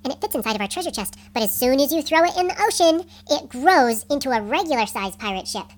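Brief: woman putting on an earnest princess, soft and slow, lively storybook read. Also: high-pitched, voice pushed down. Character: earnest young princess asking pirates for help.

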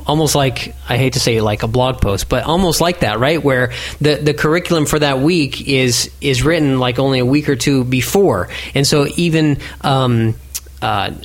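A man's voice: mid-range voice, moderate pace. A man hosting a podcast, teasing his guests and steering the chat. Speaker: podcast host.

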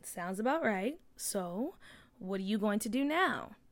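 A woman's voice: mid-range voice, expressive, dry recording. Woman reading as a sensible schoolteacher. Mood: cautious. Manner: measured, cautious. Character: calm, sensible woman teacher. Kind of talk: storybook read-aloud.

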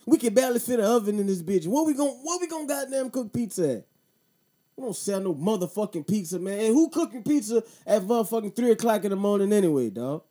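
A man's voice: high-pitched, lively intonation, fast talker, mellow. A man in his thirties hosting a casual show, telling a profane, slangy story and then talking about voting. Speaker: podcast host.

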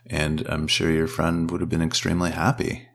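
A man's voice: a bass voice, completely flat delivery, normal speed, vocal fry. A man hosting a casual interview, encouraging and thanking his guest. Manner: warm, encouraging, lots of backchannel. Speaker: podcast host.

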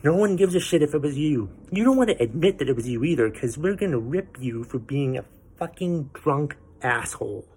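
A man's voice: on the high side, expressive, a little fast, few pauses, a little mellow, a little hiss or hum. A man hosting a podcast, ranting about everyday annoyances with profanity and sarcastic asides. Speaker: podcast host. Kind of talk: ranting commentary.

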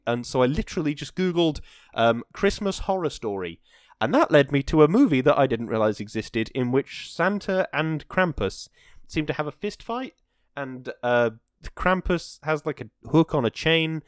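A young man talks into a dry, close podcast mic in a rambling, self-deprecating way, with sudden bursts of excitement. His voice sits at an ordinary middle pitch. He then settles into reading a story aloud. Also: dry recording. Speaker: podcast host.

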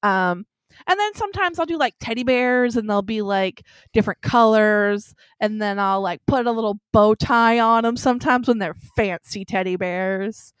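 A woman's voice: medium pitch, normal speed, clean tone, dry recording, studio quality. A young woman telling a story in casual chat, acting out the other people's lines as she goes. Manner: animated storyteller acting out quotes. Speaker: friend chatting.

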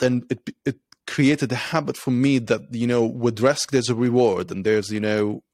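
Man telling a story with halting restarts. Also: medium pitch, no echo. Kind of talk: casual conversation.

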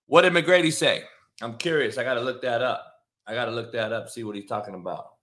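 A man's voice: medium pitch, a little fast. A man hosting a sports talk show, brash and profane, ranting about the news. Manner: brash, swearing, animated.

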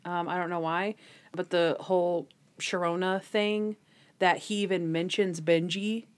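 A woman's voice: lowish voice, level tone, a little slow. A woman chatting casually as a podcast co-host, animatedly retelling scenes from an episode and acting out the characters' lines. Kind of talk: casual chat recapping a TV episode.

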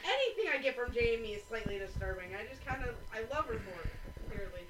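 A woman co-hosting a casual chat, profane and animated as she tells stories. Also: fairly high pitch, fast, low-quality recording.

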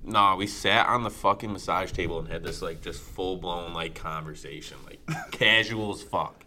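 A man's voice: low-pitched, moderate pace, sharp tone, a little hiss or hum. A man casually telling a profane, laughing story to friends on a podcast. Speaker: podcast co-host.

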